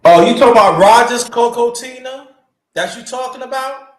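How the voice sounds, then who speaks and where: A man hosting a casual football chat, animated and swearing, often restarting his sentences. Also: very high voice, normal speed, reverberant.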